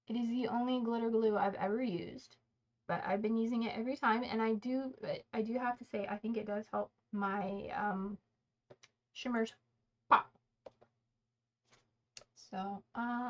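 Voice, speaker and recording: A woman hosting a casual makeup livestream, chatting and rambling as she works and often correcting herself mid-sentence. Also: on the high side. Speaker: beauty livestream host. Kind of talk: casual get-ready-with-me livestream chat. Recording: slightly dull lo-fi sound.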